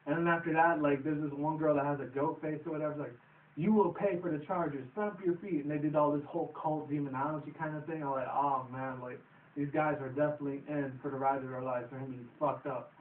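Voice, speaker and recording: A man's voice: a little high, little pitch movement, fast talker. A young man recapping a comedy movie in a loose, profane, rambling way. He laughs at his own retelling. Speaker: vlogger reviewing a movie. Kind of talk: casual rambling movie review. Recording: echoey phone-quality audio from a distance.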